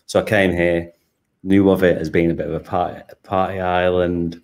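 Brief: very low British male voice, easygoing chatty interview guest. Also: level tone, normal speed, darkish tone. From Manchester, England. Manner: chatty, repeats words, laughs easily. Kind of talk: casual interview.

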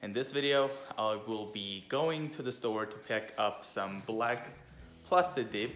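A man's voice: lowish voice, a little slow, fairly bright tone, reverberant, soft background music. A man chatting casually in a vlog about his car, loose and informal, now and then talking to his dog. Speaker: car vlogger.

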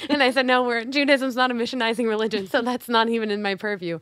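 A woman's voice: on the high side, fast, dry recording, studio quality. A young woman co-hosting a casual chat, telling stories and acting out the voices of the people in them. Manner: lively storyteller acting out quoted voices. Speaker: podcast co-host.

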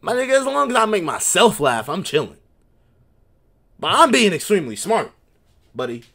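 A man streaming a casual reaction to a video, loud and profane, laughing often as he talks. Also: high-pitched, sing-song, moderate pace.

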